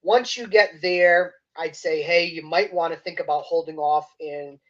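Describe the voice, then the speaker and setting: Man, guest expert, enthusiastic, trailing off, higher voice, muffled lo-fi call audio. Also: fairly even intonation, a little slow. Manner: enthusiastic, explanatory, trailing off softly. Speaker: seed company guest expert. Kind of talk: casual livestream interview answers.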